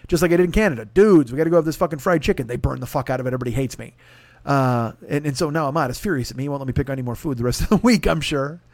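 A man's voice: medium pitch, racing, darkish tone, no room sound. A man hosting a podcast, telling a long story in a casual, profane and exasperated way. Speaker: podcast host.

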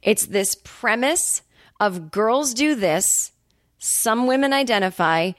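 A woman hosting her own podcast, talking casually in a rambling, profane, sarcastic monologue full of quick asides. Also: fairly high pitch, no echo, clean studio sound. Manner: animated storyteller, quick asides. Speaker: comedian podcast host.

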